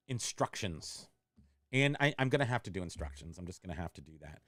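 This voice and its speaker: Smooth-voiced man rambling on a livestream. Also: on the low side, no echo, studio quality. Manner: rambling, self-interrupting, reads chat comments aloud. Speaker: online reseller and livestream host. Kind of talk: casual livestream chat.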